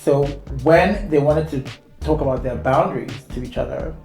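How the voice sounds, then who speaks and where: A woman's voice: rumbling low, moderate pace, darkish tone. Chatty woman podcast co-host, roomy sound. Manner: chatty, rambling with many restarts. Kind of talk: casual chat. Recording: roomy sound with faint music.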